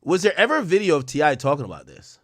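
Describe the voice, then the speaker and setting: A young adult man hosting a live stream, reacting loudly to gossip with profane, animated commentary and frequent laughter. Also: on the high side, fast, dry recording, faint music behind. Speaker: streamer host.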